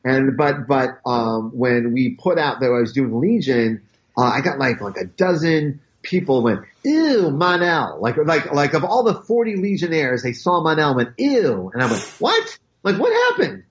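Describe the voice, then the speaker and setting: A man with a Cleveland accent chatting casually as a podcast guest, animated and full of stammered restarts. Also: mid-range voice, moderate pace, dull audio. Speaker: comic book writer guest.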